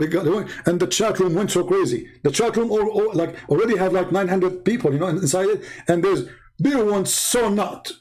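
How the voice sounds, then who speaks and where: A man's voice: high voice, darkish tone. A man telling a mocking story in a rambling, casual monologue as an online debater. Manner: rambling, mocking, quick restarts.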